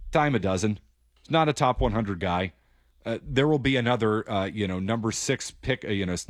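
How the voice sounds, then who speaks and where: A man hosting a call-in sports show speaks in a fairly low voice. He is brisk and opinionated. The studio sound is dry and close. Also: dry recording. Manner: opinionated, brisk, takes calls. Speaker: sports radio host. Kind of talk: call-in sports radio talk.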